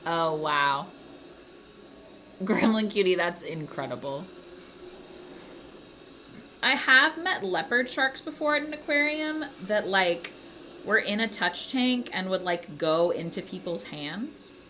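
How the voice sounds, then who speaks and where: Giggly, animated woman streamer. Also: medium pitch, takes it slowly, pauses often, a little hiss or hum. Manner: giggly, animated, casually swearing. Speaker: livestream host. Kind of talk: casual livestream chat with viewers. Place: home.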